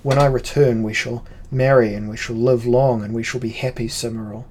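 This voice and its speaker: A man's voice: medium pitch, slight background noise, close to an everyday voice. A man reading a grave, resolute young emperor. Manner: measured, even and grave. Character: brooding young sorcerer-emperor, calm and resolute.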